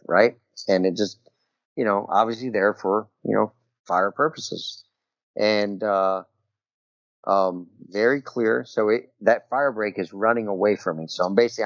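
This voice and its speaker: A middle-aged military veteran telling a personal story as a podcast guest, talking loosely and peppering it with "you know" and "right?". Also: male voice, fairly low pitch, no room sound. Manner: rambling, full of "you know" and "right?" tags. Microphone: remote call over Skype. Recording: dull, dry call audio.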